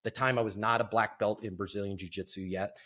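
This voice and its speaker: A man who is a podcast guest, telling a sales story in an animated way and acting out the quotes. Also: lowish voice, fast talker. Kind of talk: storytelling interview.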